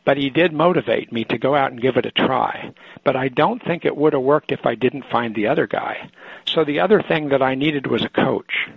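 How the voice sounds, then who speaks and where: In a muffled lo-fi clip with no echo, an older psychoanalyst from Oregon, USA, shares a personal story in a hesitant, reflective manner, frequently starting over. His medium-pitched voice carries vocal fry and is slightly rough.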